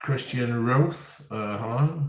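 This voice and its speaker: A man in his 50s chats casually on a live stream, reading viewer comments aloud and joking about them. He talks slowly at medium pitch, and the audio sounds reverberant.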